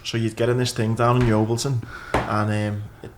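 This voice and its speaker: A man co-hosting a podcast, relaxed and hesitant with ums, swearing casually. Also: medium pitch, moderate pace, noisy background.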